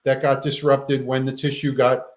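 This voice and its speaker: A man's voice: medium pitch, normal speed, rough recording. A man guest in a podcast interview, telling a story and acting out the dialogue in it. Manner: animated storyteller, acts out dialogue. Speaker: guest researcher.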